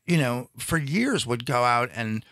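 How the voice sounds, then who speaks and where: A man speaking at a middle pitch in loose, rambling conversation, stopping and restarting his thoughts as he goes. The sound is dry and close, with no room echo. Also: big pitch swings, unhurried, fairly bright tone. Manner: rambling, self-interrupting, frequent restarts. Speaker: stand-up comedian guest. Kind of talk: casual chat.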